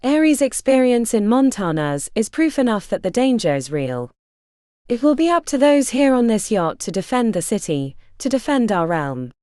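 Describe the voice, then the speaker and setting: A woman's voice: fairly high pitch, big pitch swings, normal speed, mellow, dry recording, clean studio sound. A woman voicing a male professor delivering a formal speech to guests.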